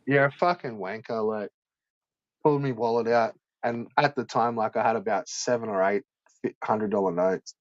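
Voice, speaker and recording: A man's voice: on the low side, normal speed, no echo. Man, casual sweary storyteller, dry and dull sound. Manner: swears a lot, heavy use of "like", animated retelling.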